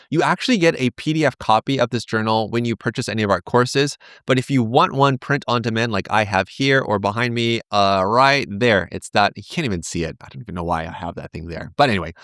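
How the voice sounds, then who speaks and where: A man's voice: medium pitch, brisk, a bit bright, dry recording, clean studio sound. A man hosting a crypto trading channel, talking casually through charts with rambling, self-deprecating, joking asides. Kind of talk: casual chart-analysis vlog.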